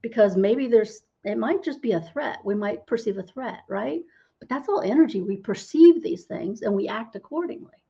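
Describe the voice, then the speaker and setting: A woman's voice: a little high, expressive, normal speed, dark tone, muffled recording. A middle-aged woman, a holistic healer, explaining as a podcast interview guest and often asking "right?" to check in. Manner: explanatory, tags lines with "right?".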